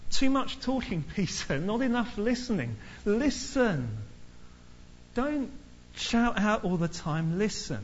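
A man preaching a sermon in a lively storytelling manner, acting out the people in the story. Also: sits high, slow, lo-fi sound, a little hiss or hum. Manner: lively storytelling, acts out characters.

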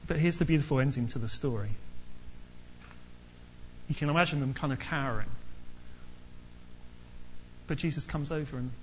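Guy preaching, tells the story lively and acts out the characters, muffled audio w/ faint hum. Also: a little high, normal speed, long pauses. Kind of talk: sermon.

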